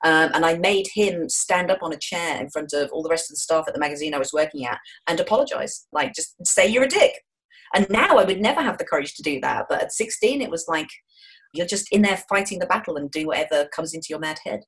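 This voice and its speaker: A woman in her forties, a guest in an interview, telling stories in a frank, jokey, lively way. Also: low voice, fast talker. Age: 40s. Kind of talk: interview chat.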